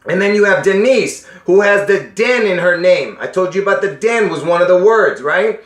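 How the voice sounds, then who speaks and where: Insistent high-voiced man, echoey room. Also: expressive, normal speed. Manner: repeats "you understand?" often, insistent. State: coughing, strained voice. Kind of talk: casual monologue addressing viewers.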